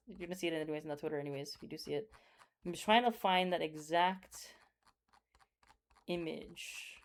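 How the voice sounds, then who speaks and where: A young man telling a story in a casual, rambling way while drawing, swearing often and getting loud and excited in parts. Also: on the high side, vocal fry. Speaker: video creator.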